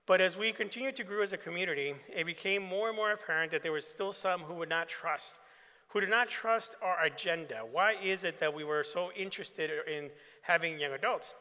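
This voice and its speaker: A pastor gives a keynote address, telling stories and slipping into the voices of the people in them. His voice sits a little high and comes across bright and forceful. The sound rings out with the long reverb of a large hall. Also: fairly quick. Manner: anecdotal, acts out quoted dialogue. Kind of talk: keynote storytelling to an assembly.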